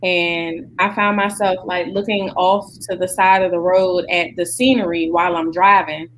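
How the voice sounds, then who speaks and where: A woman's voice: fairly low pitch, level tone, normal speed, rough recording. Storytelling woman, faint hiss. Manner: storytelling, laughs through anecdotes. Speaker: guest, daughter. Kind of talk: casual group chat.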